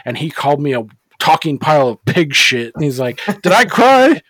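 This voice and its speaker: A man's voice: mid-range voice, steady tone, fairly quick, a bit bright, no echo. A man co-hosting a casual movie podcast, rambling with lots of fillers and swearing freely. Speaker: podcast co-host.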